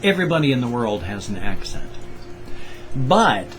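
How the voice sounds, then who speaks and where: A man's voice: mid-range voice, sing-song, normal speed, music in the background, low-quality recording. An older man from the Pacific Northwest with its accent, chatting in a rambling, self-correcting way in a casual solo vlog. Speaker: vlogger.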